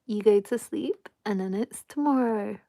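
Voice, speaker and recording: A woman teaches a beginners' Japanese class in a relaxed, chatty way. She laughs often and fills her sentences with "like." Her voice carries a gravelly, creaky edge. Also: medium pitch, normal speed, no echo. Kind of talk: casual live lesson chat.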